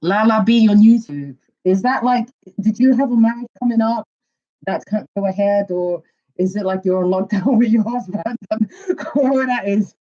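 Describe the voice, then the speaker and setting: A woman's voice: mid-range voice, normal speed, dark tone, lo-fi sound. A woman co-hosting a casual live stream, chatting and reading out viewer comments.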